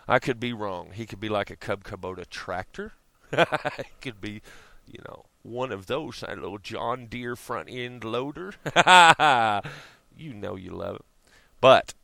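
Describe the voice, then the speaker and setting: A man's voice: medium pitch, animated, a little slow, vocal fry, sharp tone, no echo. A man ranting casually in a vlog, profane and rambling, laughing at his own jokes. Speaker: vlogger.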